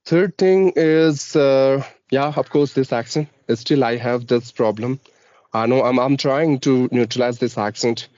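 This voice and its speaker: A man's voice: medium pitch, a little mellow, dry recording. Careful Indian-accented man, dull call audio. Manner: deliberate, careful pronunciation. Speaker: English learner. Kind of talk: casual conversation practice.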